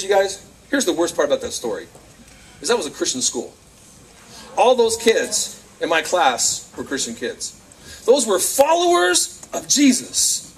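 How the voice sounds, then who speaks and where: A man giving a youth talk to kids at a camp, telling stories and acting out voices. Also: high-pitched. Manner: animated storyteller acting out voices. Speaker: camp speaker. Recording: distant camcorder mic with faint room noise.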